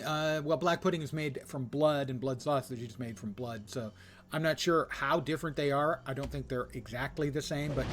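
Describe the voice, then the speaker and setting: A man's voice: fairly high pitch, noisy background. Older man rambling over a game. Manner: rambling, chatty, with frequent filler pauses. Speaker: game streamer. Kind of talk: casual gaming commentary.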